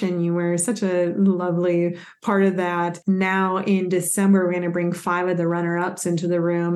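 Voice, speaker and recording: A woman's voice: lowish voice, darkish tone. A woman guest in a radio interview, telling her stories with earnest enthusiasm. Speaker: guest, executive coach.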